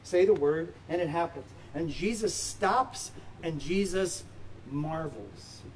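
Emphatic man preaching a sermon. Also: on the high side. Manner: emphatic, with rhetorical questions. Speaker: pastor. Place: church sanctuary. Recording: distant mic with faint background noise.

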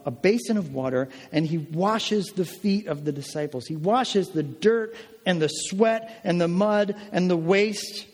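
A man preaches with a somewhat high voice, lively and emphatic, acting out quotes and joking with his listeners. His voice rings with the long reverb of a large hall. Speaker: pastor. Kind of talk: sermon.

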